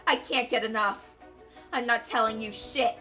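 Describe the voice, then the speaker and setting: Woman doing a sneering vengeful male ex-con, game villain, taunting, bright tense tone, raised pitch. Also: moderate pace, faint music behind. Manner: taunting, sneering, mock-sweet then snarling. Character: vengeful male ex-convict, gleeful and menacing. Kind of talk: reading a game aloud with voices.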